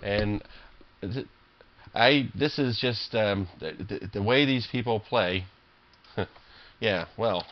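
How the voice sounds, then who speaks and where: Commentating his own online poker games, a man with a lowish voice talks slowly, with long pauses, sounding irritable and swearing. He rambles through lots of fillers and restarts, and the sound is lo-fi.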